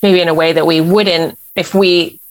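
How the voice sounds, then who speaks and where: A woman with a slightly low voice talks in a casual faith conversation. She speaks thoughtfully and in measured, well-formed sentences. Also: steady tone.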